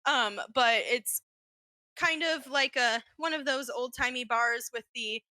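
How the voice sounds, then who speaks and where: Bright-voiced chatty woman game master. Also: a little high, unhurried, dry recording. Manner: chatty, laughing, many fillers. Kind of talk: narrating a tabletop game.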